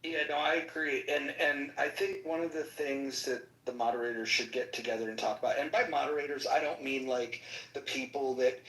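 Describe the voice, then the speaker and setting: A man's voice: medium pitch, a little fast, few pauses, fairly bright tone, reverberant, low-quality recording. A man moderating an audio chat room, talking casually with many restarts and fillers.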